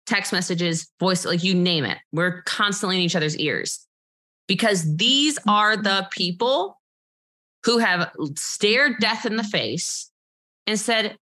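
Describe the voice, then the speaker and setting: Emphatic woman with a lowish voice. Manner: emphatic and animated, with frequent rhetorical "okay?" asides. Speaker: interview guest. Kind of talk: candid personal storytelling.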